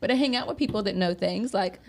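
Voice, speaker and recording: A woman's voice: mid-range voice, fast talker, vocal fry. A woman from Texas hosting a casual talk show, bubbly and joking. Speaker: host. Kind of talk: casual chat.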